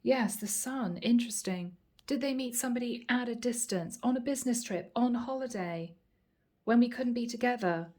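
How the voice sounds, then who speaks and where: A woman's voice: a little high, mellow, a little hiss or hum. A woman giving a channeled tarot reading in a chatty style, drawing out words for emphasis. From Ireland. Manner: chatty, drawn-out emphatic phrasing. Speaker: tarot reader.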